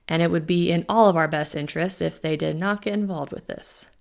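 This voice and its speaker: A woman voicing a man who is a former hunter, speaking with forceful frustration. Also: fairly low pitch, a little fast, creaky. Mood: urgent. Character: defiant man, former hunter, protective mate.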